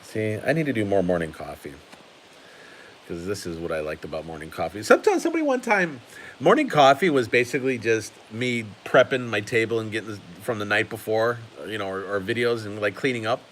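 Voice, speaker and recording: Low-voiced man chatting on a card stream. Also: sing-song, a little fast, fairly bright tone, a little hiss or hum, poor audio. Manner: chatty, laughs often while talking; handles and sorts cards while talking. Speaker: host of a card-collecting live stream. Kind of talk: casual live-stream chat. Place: at his table at home.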